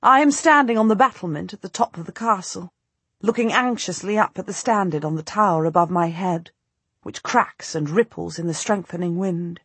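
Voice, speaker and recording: A woman narrating a historical novel in the first person, with measured, expressive storytelling. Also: on the low side, breathy edge, no room sound. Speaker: audiobook narrator.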